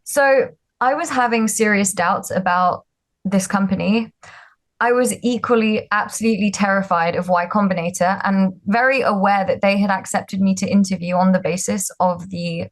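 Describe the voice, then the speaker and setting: A woman's voice: medium pitch, moderate pace. Chatty young woman founder. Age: 20s. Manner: chatty, frequent ums and likes, self-deprecating. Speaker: startup founder, guest. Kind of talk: casual interview storytelling.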